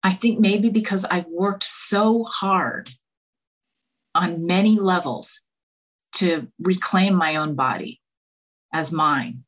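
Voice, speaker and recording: A woman talking earnestly as a guest, halting and searching for words with many restarts. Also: lowish voice, a bit bright. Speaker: podcast guest. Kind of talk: earnest conversation.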